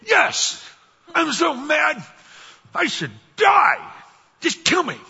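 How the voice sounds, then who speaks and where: A man voicing an angry, despairing male prophet, shouting high and strained at God. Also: big pitch swings, a little fast, creaky, slightly rough, exaggerated voice. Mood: furious despair. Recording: dull, echoey church hall.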